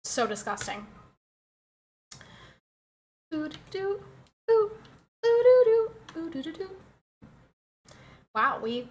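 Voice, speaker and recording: A woman's voice: on the high side, bright, forceful tone, slight background noise. A young woman with a slight New Jersey accent, streaming and chatting casually with viewers in a blunt, sarcastic way. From United States. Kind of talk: casual chat reading viewer messages.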